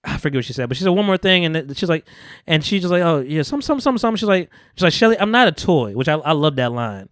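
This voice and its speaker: Fast-talking man recapping a movie. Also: fairly high pitch, clean tone, dry recording, clean studio sound. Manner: animated, acts out characters' lines in quick voices. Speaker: podcast co-host. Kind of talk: casual chat, recapping a movie. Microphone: studio podcast mic.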